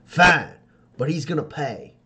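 A grumpy, tight-fisted shopkeeper, played by a man in a tabletop game. He bristles and complains loudly in a raised, strained pitch, and he hates giving anything away. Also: big pitch swings, a little slow, breathy edge, heavily acted. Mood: grudging. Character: grumpy, stingy male shopkeeper.

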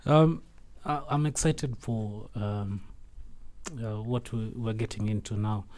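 A man, an animation studio founder speaking as a guest in a radio studio, halting and thoughtful with many fillers. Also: on the low side, steady tone, a little mellow. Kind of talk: radio interview.

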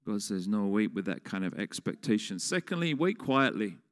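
A man's voice: on the low side, big pitch swings, normal speed. A man preaching a sermon in a conversational way, putting questions to the congregation. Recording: long reverb of a large hall.

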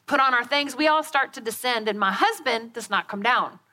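A middle-aged woman preaching with a bright, forceful edge. She tells her story in an animated, folksy way, and her voice sits a little high. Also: normal speed. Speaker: pastor. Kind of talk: sermon.

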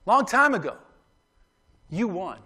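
A man's voice: sits high, big pitch swings, slow pace, sharp tone, slightly rough. A man preaching a sermon in a casual, conversational way, often asking his listeners "right?" and urging them on emphatically. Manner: emphatic, exhorting. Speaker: pastor.

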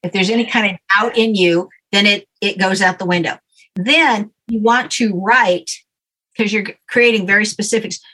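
A woman's voice: medium pitch, fairly even intonation, moderate pace, sharp tone, breathy edge, low-quality recording. Confident woman explaining a method. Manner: instructive, confident, explains step by step. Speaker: guest coach. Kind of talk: casual interview.

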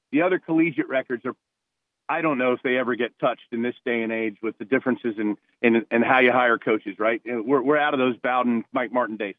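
A mid-range male voice comes through a dry, tinny phone connection with no echo. The caller is a New Jersey retired police officer and former college ballplayer, guesting on a radio show and telling rambling, heartfelt stories that keep restarting.

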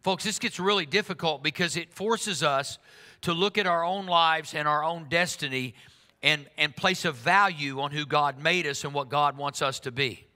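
A man preaching a sermon in an earnest way, slowing down for emphasis and speeding up for asides. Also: a little high, pushed and bright. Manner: earnest, shifts between slow emphatic lines and quick asides. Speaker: pastor. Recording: long reverb of a large hall.

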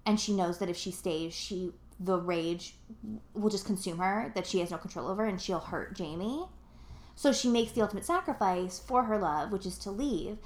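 A young woman co-hosts a podcast in loose, rambling chat, packing her sentences with fillers and curse words. Her voice sits at an ordinary middle pitch. The recording sounds roomy, with a noticeable echo around her. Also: normal speed. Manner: rambling, filler-heavy, profane and emotional. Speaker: podcast co-host. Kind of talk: casual chat.

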